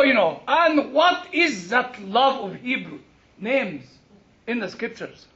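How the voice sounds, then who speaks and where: Man, sermon, very high pitch, humorous storytelling, dull lo-fi recording. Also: slow. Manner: animated, humorous storytelling with quoted exchanges. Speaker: preacher.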